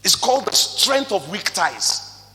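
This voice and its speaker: Bright, high-voiced Nigerian motivational speaker. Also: male voice, measured pace. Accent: Nigerian English. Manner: animated, rhetorical questions, big swings in loudness. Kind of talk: motivational talk to a live audience. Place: stage in a hall before an audience. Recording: long reverb of a large hall.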